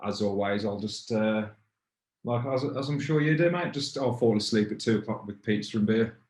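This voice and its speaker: A man's voice: lowish voice, normal speed, a little mellow, reverberant. A man hosting a casual beer review in a pub, rambling and stopping to restart his thoughts. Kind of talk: casual chat.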